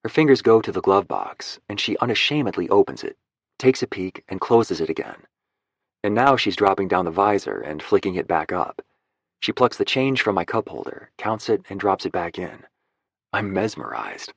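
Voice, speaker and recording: Male audiobook narrator, low voice, wry and easygoing, dry close read. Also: expressive, moderate pace, no echo. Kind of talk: first-person romance narration.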